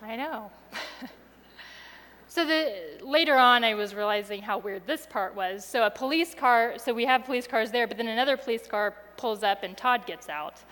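A woman telling a personal story to an audience with expressive delivery, going soft and quiet at the tense moments. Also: fairly high pitch, moderate pace, in a large hall.

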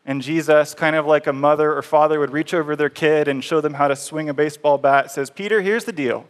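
Conversational preacher in a reverberant hall. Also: male voice, fairly high pitch, flat delivery, fairly quick. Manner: conversational storytelling, acts out scenes. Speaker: pastor. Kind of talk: sermon.

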